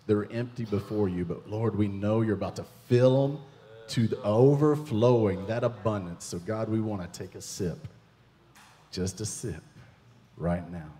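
Playful minister in a reverberant church. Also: male voice, lowish voice, measured pace. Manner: playful, excitable, jokes with the congregation. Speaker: guest minister. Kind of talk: prophetic ministry at a church service. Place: church sanctuary.

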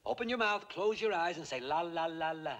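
A boozy, grandiloquent frontier doctor. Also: male voice, a little high, expressive, a little fast, fairly bright tone. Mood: blustering. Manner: grandiloquent, theatrical. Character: boozy, flowery frontier doctor, middle-aged man. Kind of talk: 1960s film acting. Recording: film soundtrack with background noise.

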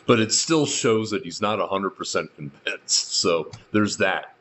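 A man's voice: low-pitched, unhurried, a bit bright, muffled recording, a little hiss or hum. A male pastor reading scripture verse by verse and adding his own remarks, with dry asides in between. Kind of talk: verse-by-verse Bible teaching.

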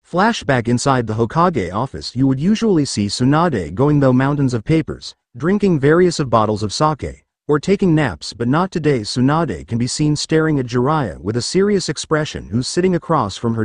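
A man narrating a fan fiction story aloud, plain and steady. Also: mid-range voice, moderate pace, few pauses, no room sound, studio quality.

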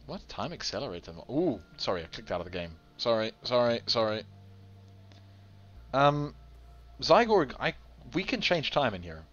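A man hosting a game tournament stream, tired and with a sore throat, chatting in a relaxed, chuckling, rambling way. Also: medium pitch, moderate pace. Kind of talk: casual live game commentary. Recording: dull lo-fi stream audio with game music. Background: faint game music.

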